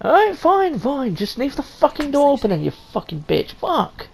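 A woman's voice: high voice, wildly swooping pitch, moderate pace, vocal fry, slight background noise. A woman playing a story game on a stream, swearing constantly in brash, jokey commentary. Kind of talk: profane casual gameplay commentary.

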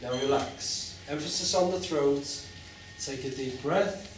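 A man's voice: a little high, background noise. Distant, echoey man guiding a meditation. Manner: slow, soothing instructions with long chanted tones. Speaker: meditation teacher. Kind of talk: guided chakra meditation. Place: large room with live audience. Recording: echoey hall from far off.

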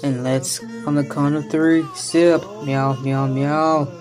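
A woman vlogger reading a food label aloud in a deadpan way, saying every comma and period. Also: low-pitched, slow. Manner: deadpan, reads punctuation aloud. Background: music.

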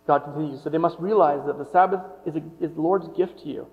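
A man with a slightly high voice preaches a sermon, reading scripture and breaking into casual, joking asides. His voice rings out with a long hall reverb. The sound is a bit muffled, with a mains hum underneath. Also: quick pace. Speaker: pastor.

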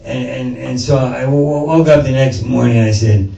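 A man's voice: medium pitch, moderate pace, creaky, hardly any pauses, mellow, lo-fi sound. A man doing rambling stand-up storytelling, stammering and swearing as he jumps from one thought to the next. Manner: stammering, profane, digressive. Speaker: stand-up comedian. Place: small performance space in front of an audience. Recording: roomy, distant mic, faint noise.

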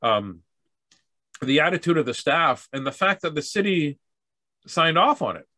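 A man's voice: fairly high pitch, sing-song, moderate pace, sharp tone, no room sound. A Canadian man telling a rambling, humorous story about accessibility, acting out the dialogue as he goes. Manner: rambling, with restarts and acted-out dialogue. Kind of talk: casual storytelling talk.

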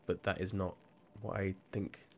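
A man's voice: sits low, little pitch movement, normal speed, gravelly, slight background noise. A young English man chatting casually while streaming a game live, rambling, restarting his phrases and laughing often. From England.

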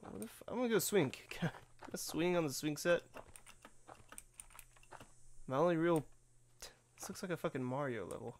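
A man's voice: fairly high pitch, lively intonation, normal speed, pauses often, slight background noise. Let's play host, man, rambling and profane, easy laughter. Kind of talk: casual gameplay commentary.

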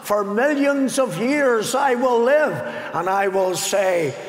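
An older Northern Irish pastor preaches in a high voice, drawing each phrase out slowly and sometimes half-singing a line. His sermon rings through a big arena, trailed by a long, echoing reverb. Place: large arena.

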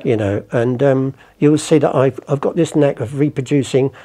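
Gravelly older man telling stories. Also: mid-range voice, normal speed, dark tone. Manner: rambling, swears, acts out the people in his stories. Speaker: guest. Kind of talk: casual anecdotal storytelling.

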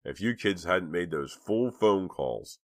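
A man's voice: low-pitched, expressive, a little slow, no room sound, clean studio sound. A man voicing a stern, scolding father. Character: stern middle-aged father.

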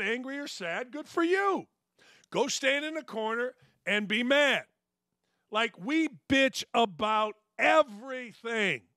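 A man's voice: very high voice, pushed and bright, dry recording, studio quality. A middle-aged man hosting a sports talk show, ranting bluntly and sarcastically and mocking his critics. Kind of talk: opinionated sports talk rant.

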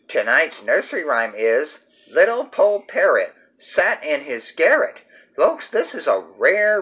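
A man voicing an excitable stuffed-animal puppet co-host who mocks and gets confused. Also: high voice, full character voice. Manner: bouncy, mocking, confused. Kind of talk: puppet comedy sketch.

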